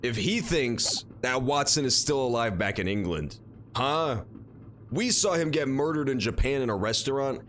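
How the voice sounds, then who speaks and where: Animated, swearing game streamer. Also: male voice, medium pitch, normal speed, a little hiss or hum. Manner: animated, profane, joking. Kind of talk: casual game commentary. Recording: game music behind the voice.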